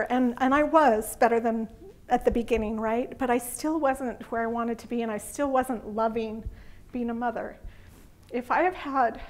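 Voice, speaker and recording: A woman with a somewhat high voice leads a faith-based parenting lesson. She talks in an earnest, heartfelt, conversational way to a group in a meeting room. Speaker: parenting class teacher.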